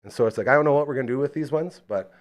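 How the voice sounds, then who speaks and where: A man's voice: mid-range voice, rapid-fire. A man hosting a casual podcast chat, telling stories animatedly and acting out what people said. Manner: animated storyteller, acting out quotes. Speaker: podcast host.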